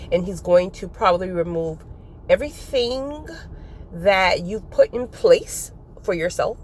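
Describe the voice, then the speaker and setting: A woman giving a casual spiritual talk to her viewers, animated and often breaking into laughter. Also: fairly low pitch, a little hiss or hum. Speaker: faith vlogger.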